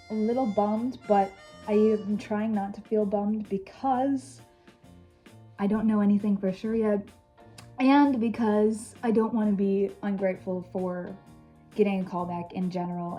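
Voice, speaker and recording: A woman's voice: mid-range voice, dark tone, low-quality recording. A young woman chatting casually in a vlog, candid and full of fillers like "um" and "like". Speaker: vlogger.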